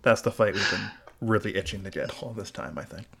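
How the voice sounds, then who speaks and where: Low-voiced man hosting a chat podcast. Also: a little fast, gravelly, fairly bright tone, husky. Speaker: podcast host.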